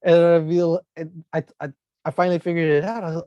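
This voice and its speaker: A man's voice: on the high side, flat delivery, brisk, clear, resonant tone, dry recording, dull audio. A man, a teacher, telling rambling anecdotes in a casual podcast chat and acting out what his students said. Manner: rambling anecdotes, acts out quoted kids with shifts in tone. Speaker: podcast co-host, middle school teacher.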